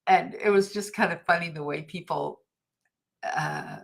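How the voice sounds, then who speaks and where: A woman's voice: lowish voice, a little slow, vocal fry. A middle-aged woman hosting a livestream, talking casually and telling stories, laughing often. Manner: chatty, anecdotal, laughs often. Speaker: livestream host. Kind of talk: casual motivational talk.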